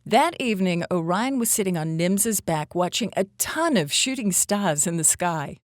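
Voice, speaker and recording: Animated woman reading a children's story. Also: lowish voice, moderate pace, dry recording, clean studio sound. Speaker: storybook reader.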